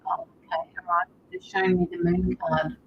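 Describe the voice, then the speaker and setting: A woman giving a live-streamed tarot reading over a video call, relaying messages with many pauses and fillers. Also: fairly low pitch, flat delivery, lo-fi sound, a little hiss or hum. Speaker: tarot card reader.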